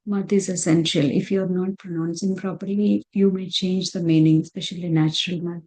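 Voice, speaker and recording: A woman's voice: mid-range voice, warm tone, rough recording. A woman teaching a recitation lesson over slides, patiently repeating terms and counts.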